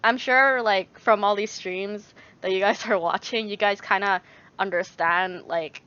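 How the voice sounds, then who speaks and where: A young woman talks through a relaxed livestream chat, circling her thoughts with fillers and stopping to read viewer messages. Her voice is bright and forward. The audio sounds a little dull and lo-fi. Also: mid-range voice, unhurried, clean tone. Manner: rambling, many fillers, reads viewer messages aloud. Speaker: YouTuber answering chat.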